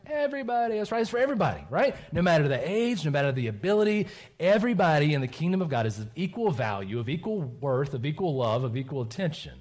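A man giving a children's sermon at church, asking the kids questions and checking in with "right?" after his points. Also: medium pitch. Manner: animated, asks kids questions, tags lines with "right?". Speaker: pastor giving a children's message.

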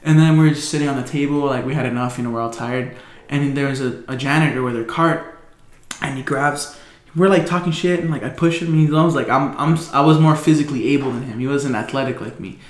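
A man's voice: medium pitch, quick pace. A young man telling a story in casual chat, loose and full of slang, swearing and fillers. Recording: echoey room.

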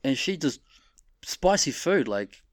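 A middle-aged man, co-hosting a casual podcast, swearing freely as he tells loud, animated stories. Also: a little high, takes it slowly, no room sound, studio quality. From New Zealand. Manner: crude, swears a lot, loud animated storytelling. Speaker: podcast co-host. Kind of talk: casual chat. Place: home room.

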